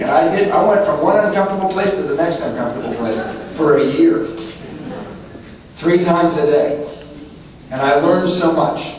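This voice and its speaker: A man's voice: on the high side, moderate pace, pauses often, crowd noise. A man in his thirties speaking at a recovery meeting, telling his story candidly with self-mocking humor. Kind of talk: personal testimony talk. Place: meeting room. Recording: echoey hall, distant mic.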